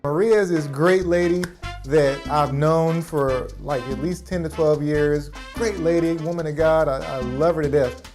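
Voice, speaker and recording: A man's voice: a little high, moderate pace, over music. A man, a missionary hosting the show, telling stories casually and acting out conversations with laughter. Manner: animated, laughing, acts out dialogue. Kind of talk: casual storytelling and interviewing.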